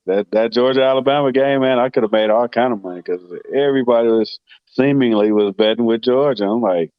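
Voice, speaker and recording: A man co-hosting a sports talk show in casual chat, relaxed and hesitant with many fillers. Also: medium pitch, a little fast, smooth, dry recording, dull audio.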